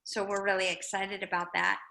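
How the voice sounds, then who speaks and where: A nonprofit director, guest speaking at a community meeting, gives an earnest, conversational update in an informal talk. Her medium-pitched voice is brisk and sharp with little pitch movement, and the rough recording sounds roomy.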